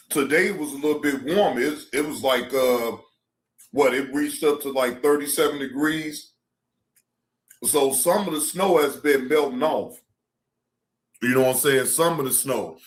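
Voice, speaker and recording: A man hosting a livestream, talking bluntly and combatively to his chat in casual commentary. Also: fairly high pitch. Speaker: streamer reacting to clips. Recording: roomy echo.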